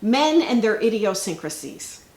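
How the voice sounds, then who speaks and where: A woman's voice: a little high, very animated, unhurried, darkish tone. A middle-aged woman co-hosting a casual chat show, steering the talk and chiming in readily. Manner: chatty, steers the conversation. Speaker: podcast co-host. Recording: echoey room.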